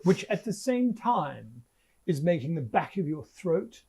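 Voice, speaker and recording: Slow, higher-voiced man running the game. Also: very animated, mellow, slightly rough. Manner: drawn-out, vividly descriptive, dryly joking. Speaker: game master. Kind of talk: narrating a tabletop game.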